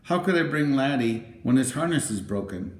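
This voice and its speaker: A man's voice: mid-range voice, lively intonation, moderate pace, voice pushed up, close to an everyday voice. A man reading the lines of a thin, friendly woman shopper in an amused, friendly manner. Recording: roomy, echoey room.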